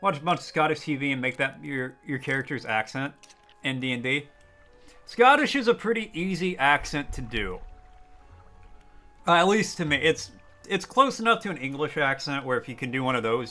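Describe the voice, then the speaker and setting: A man's voice: on the high side, big pitch swings, brisk, bright, forceful tone, faint music behind. A young man chatting casually while streaming a game, joking, rambling and reacting to chat.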